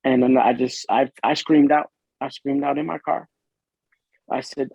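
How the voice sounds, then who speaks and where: Gravelly police officer telling his story. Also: mid-range voice, steady tone, darkish tone, no room sound. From Illinois, USA. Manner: earnest, emotional, halting storytelling. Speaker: police officer, interview guest. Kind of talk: personal testimony in a podcast interview. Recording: dull lo-fi dry recording.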